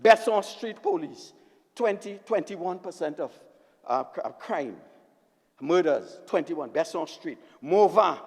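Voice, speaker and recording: A man's voice: on the high side, expressive, unhurried, breathy edge. A man with a Trinidadian accent giving an impassioned, emphatic parliamentary debate speech, repeatedly addressing the Speaker from a desk microphone. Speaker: member of parliament. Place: parliament chamber. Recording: long reverb of a debating chamber.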